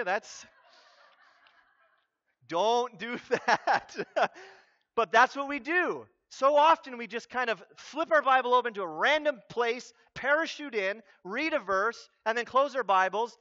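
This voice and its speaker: A man preaching a sermon as a pastor, with humorous and animated delivery. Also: very high-pitched, measured pace. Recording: dull lo-fi recording.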